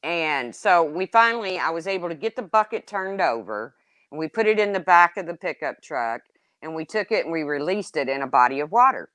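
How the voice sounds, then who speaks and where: Woman, casual storyteller, salty and animated, dry close sound. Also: fairly quick, dry recording. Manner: lively, swearing, jumps between high exclaims and low asides. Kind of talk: casual chat.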